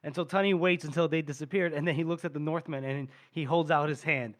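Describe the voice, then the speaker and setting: A man's voice: fairly high pitch, steady tone, quick pace, fairly bright tone. A man co-hosting a podcast, animatedly retelling a story and laughing often. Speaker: podcast host. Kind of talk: casual chat.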